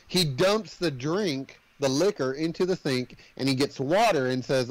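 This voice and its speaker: A man's voice: fairly high pitch, a little slow, hardly any pauses, dry recording, rough recording. A man hosting a casual movie podcast, retelling a plot in a rambling way with lots of fillers and acted-out quotes. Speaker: podcast host.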